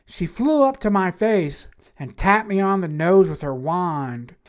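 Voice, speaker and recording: A woman's voice: on the low side, animated, unhurried. A woman reading a first-person fantasy story aloud in a wry, matter-of-fact way.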